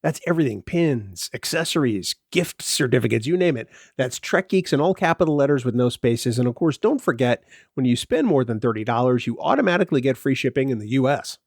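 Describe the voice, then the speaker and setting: A man's voice: medium pitch, lively intonation, fairly quick, hardly any pauses, darkish tone, dry recording. A man co-hosting a podcast, reading a sponsor spot and trading dry teasing banter. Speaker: podcast co-host. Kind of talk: casual chat and sponsor read.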